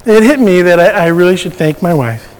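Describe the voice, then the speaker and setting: Guy with a high voice telling a faith story, talks like he's chatting, lots of restarts, hall reverb. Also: animated, brisk. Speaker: speaker sharing a personal testimony. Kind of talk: personal faith testimony.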